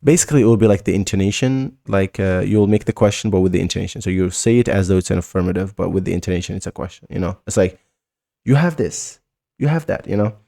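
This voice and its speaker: A man with a Mauritanian accent gives a relaxed language lesson, saying each word over and over at an easy pace. His voice sits very low with a gravelly edge. The recording is close and dry. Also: no echo. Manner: repeats words slowly, loose and chatty. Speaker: language teacher.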